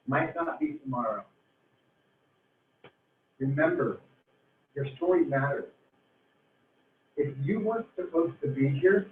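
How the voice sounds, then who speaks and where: A man giving a motivational talk to a group, emphatic and repetitive, drawing out words to press his point. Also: a little high. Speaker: motivational speaker. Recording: tinny, roomy, distant from mic.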